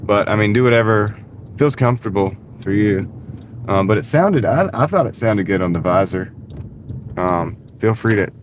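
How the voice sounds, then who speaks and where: A man's voice: lowish voice, expressive, moderate pace, a little hiss or hum. A young man with a Southern US accent chatting casually on a livestream while driving deliveries, rambling and saying "like" and "dude" a lot, recorded in his van on a clip-on mic. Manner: rambling, says "like" and "dude" often. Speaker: delivery driver streaming. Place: inside a van. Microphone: wireless clip-on mic.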